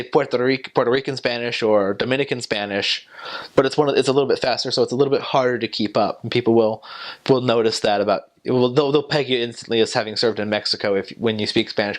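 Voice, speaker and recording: A young man talking casually about his time as a missionary, rambling and hesitant, with many fillers and restarts. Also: medium pitch. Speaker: returned missionary.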